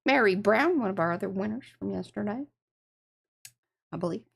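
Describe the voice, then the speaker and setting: A woman's voice: medium pitch, expressive, normal speed, creaky, husky. A woman hosting an art livestream, chatting casually and greeting viewers by name. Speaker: livestream art show host.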